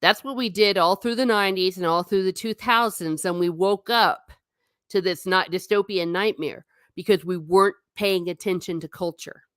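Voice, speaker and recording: A woman's voice: mid-range voice, normal speed, fairly bright tone, smooth, no echo, studio quality. A middle-aged woman hosting a casual live stream, chatting and reading viewer comments aloud. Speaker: host.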